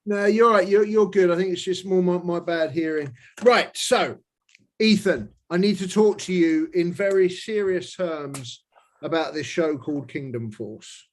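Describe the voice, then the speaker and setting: A high-pitched, slightly slow-speaking man from England with a London accent interviews a child over a video call. He's casual, playful, friendly and joking.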